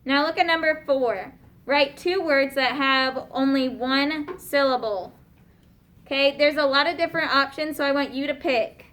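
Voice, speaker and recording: A woman teaching a class of young students, patiently asking questions and slowing down to spell out and explain words. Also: high voice, fairly bright tone.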